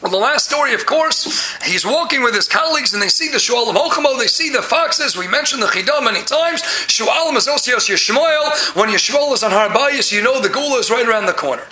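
A man gives a lively Talmud class and keeps bursting into loud, emphatic stretches. His voice sits very high and cuts through sharply. The room around him rings with echo and a faint hiss. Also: fairly quick. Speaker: Torah teacher.

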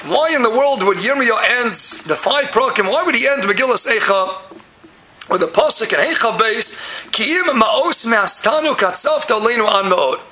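A man's voice: very high-pitched, animated, normal speed, bright, forceful tone, echoey room, slight background noise. A man giving an impassioned Torah lecture, rising to exclamations and using many Hebrew terms. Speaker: Torah teacher.

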